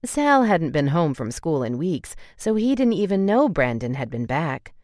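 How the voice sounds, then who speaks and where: A woman's voice: low-pitched, sing-song, unhurried, darkish tone, no echo, clean studio sound. A woman narrating a romance audiobook in an emotive way, voicing the tearful heroine's lines with feeling.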